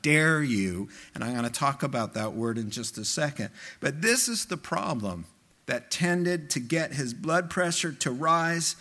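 A man preaching a sermon as pastor, emphatic and animated. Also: a little high. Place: church hall with sound system.

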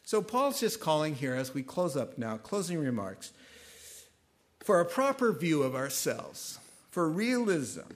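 A man preaching a sermon in a conversational style, animated and then suddenly quiet. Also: a little high, unhurried. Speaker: pastor.

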